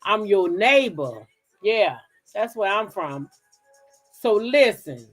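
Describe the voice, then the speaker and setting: A woman from the DC hosting a casual livestream, telling stories straight to her viewers in an animated, profane way. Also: medium pitch, slow pace, faint music behind. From Kensington, Maryland, near Washington DC. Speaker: livestream gossip host. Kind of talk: casual chat with live viewers.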